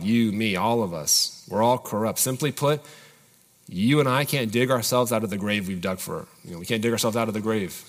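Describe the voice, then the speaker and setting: Earnest low-voiced pastor in a reverberant hall. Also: male voice, brisk. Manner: earnest, searching questions to the congregation. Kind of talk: sermon.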